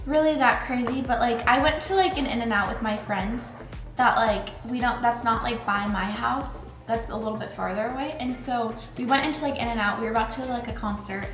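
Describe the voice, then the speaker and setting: A woman's voice: fairly high pitch, brisk. A young woman co-hosting a casual chat while eating, rambling hesitantly with constant "like"s and restarts. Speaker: channel co-host. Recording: echoey room with clear music behind.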